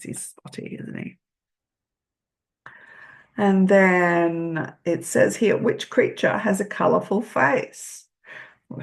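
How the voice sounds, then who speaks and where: Slow, gravelly older woman reading. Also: medium pitch. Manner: gentle, asks the child questions. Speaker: children's book reader. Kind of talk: reading a picture book aloud to children.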